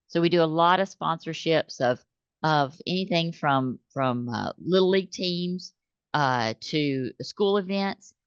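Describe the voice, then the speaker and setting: A low-pitched woman, talking in a lively, conversational way as a guest on an interview. She tells stories and acts out the voices of customers. The recording is dry and a little dull. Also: no echo. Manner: animated storytelling, acts out customer calls. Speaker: business owner guest.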